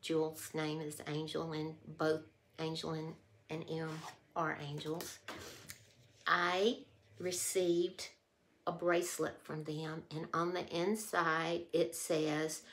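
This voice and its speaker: A woman's voice: low-pitched, level tone, slow pace, a little hiss or hum. A woman vlogger chatting casually to camera, heartfelt and emotional, often trailing off mid-thought. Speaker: haul vlogger.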